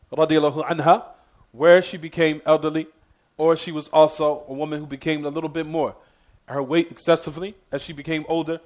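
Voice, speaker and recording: Brief: male teacher, rapid delivery, slightly high voice, prompts class and repeats himself. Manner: reads Arabic quotations quickly. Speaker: Islamic teacher. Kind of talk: religious lesson.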